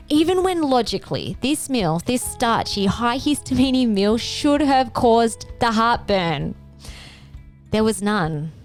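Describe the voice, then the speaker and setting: Woman host, heartfelt personal monologue, voice lifts when moved, soft music underneath. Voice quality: earnest, emotional. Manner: expressive, rising into pitch when moved. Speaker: functional medicine podcast host. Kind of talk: personal health story monologue.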